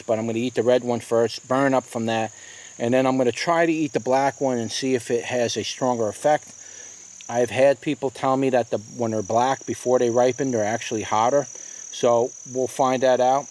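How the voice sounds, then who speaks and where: A man's voice: medium pitch, a little mellow. Male garden vlogger, mid-range voice, easygoing and chatty, outdoors with crickets. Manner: chatty, exclaims and coughs from the heat. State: hiccuping, burning mouth. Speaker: pepper reviewer. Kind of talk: casual garden video review.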